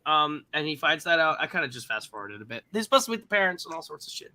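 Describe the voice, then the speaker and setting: Guy hosting a podcast, super bright voice, kinda high, rambling recap full of ums and swearing. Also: very animated, racing, few pauses. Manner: rambling and profane, heavy fillers. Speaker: podcast host. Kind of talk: casual film recap chat.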